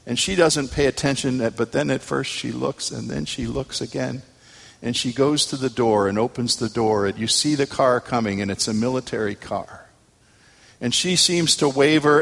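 A man's voice: mid-range voice, creaky, fairly bright tone. Man, pastor, sermon, dramatic storytelling, emphatic peaks, long reverb.

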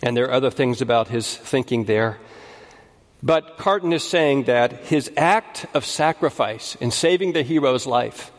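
A man in later life delivering a sermon at an unhurried, measured pace. He builds to emphatic, lifted readings of scripture. His voice rings out with a long hall reverb from a church sanctuary. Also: mid-range voice. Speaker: pastor.

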